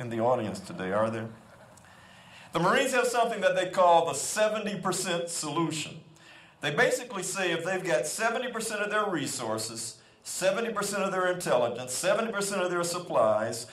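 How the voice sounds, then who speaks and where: A man in his fifties delivers a school convocation keynote into a podium mic, urging the students on and telling stories. His voice sits fairly high for a man. The sound carries the echo of a large hall. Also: a bit bright, a little hiss or hum. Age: 50s. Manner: exhorting, storytelling, emphatic repetition. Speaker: keynote speaker. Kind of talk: ceremonial keynote speech. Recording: echoey hall.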